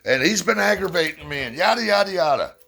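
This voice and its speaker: A man voicing a whiny, excitable male donkey who pleads and tattles in a fable he tells. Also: high-pitched, fast, creaky, pitched above the performer's own voice, exaggerated voice. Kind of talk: storytelling a fable.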